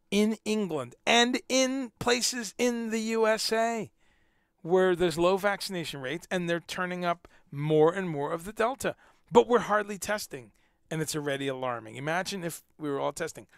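A man's voice: high-pitched, expressive, moderate pace, gravelly, smooth, no echo, clean studio sound. A man hosting a casual livestream, rambling and repeating words as he talks, now and then swearing. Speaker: livestream host.

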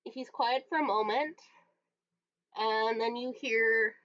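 A woman narrating a tabletop horror game as game master, with relaxed fillers. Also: on the high side, takes it slowly, dry recording. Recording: dull, dry lo-fi mic.

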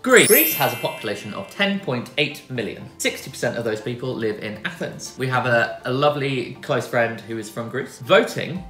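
A man's voice: mid-range voice, animated, moderate pace, hardly any pauses, pushed and bright, faint music behind. A man with a cold co-hosting a casual reaction chat, wry and teasing as he reels off trivia. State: has a cold. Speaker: co-host of a reaction show. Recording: echoey room.

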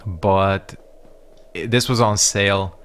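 A man's voice: lowish voice, steady tone, takes it slowly, a bit bright. A man giving casual let's-play commentary, rambling and reacting to the game with frequent swearing. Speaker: gaming YouTuber.

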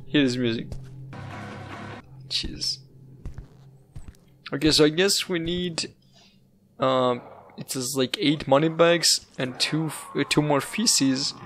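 A man's voice: on the high side, takes it slowly, pauses often, a bit bright, soft background music. A young man, a gaming YouTuber giving rambling, swearing let's-play commentary while he plays. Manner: rambling, swearing, laughing at the game.

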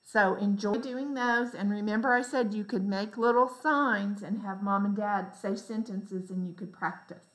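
A woman teacher giving a lesson to young children, reading example sentences slowly with exaggerated expression. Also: mid-range voice, roomy sound, poor audio. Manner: slow, clear, exaggerated reading for young kids.

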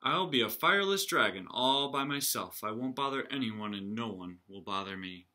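A man voicing a gentle, unsure little male dragon in a storybook reading, with a slightly raised, earnest voice. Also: medium pitch, lively intonation, normal speed.

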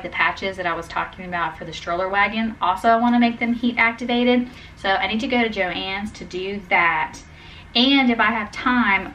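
A young woman vlogs casually and upbeatly about her small craft business, filling her speech with fillers, moving between her home craft studio and a fabric store. Her voice is on the low side with a sharp tone, and the poor audio carries a little hiss or hum.

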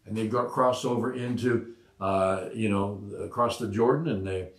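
A man's voice: fairly low pitch, normal speed, reverberant. A male pastor preaching a conversational sermon, retelling scripture with many fillers and asides.

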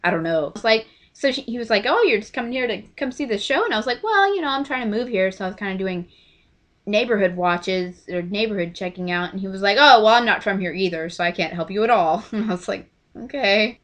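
A young woman from Texas telling an excited story to her camera, gushing and acting out everyone's lines. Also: medium pitch, a little fast. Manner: gushing, breathless, acts out quoted voices. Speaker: vlogger.

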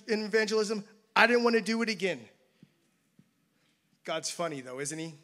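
Pastor guy at church, high bright voice, jokey storytelling sermon. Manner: humorous, self-deprecating storyteller. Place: church campus service.

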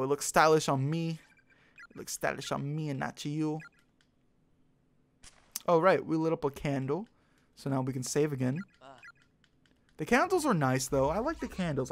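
A man hosting a let's play, giving casual gameplay commentary in a chatty, joking manner and swearing freely. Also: on the high side.

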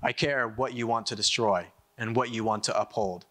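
A man's voice: on the low side, fairly bright tone. A young American man giving an emphatic political speech to an audience, repeating words as he builds his points. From United States. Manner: emphatic, repeats himself, quick asides. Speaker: conference speaker.

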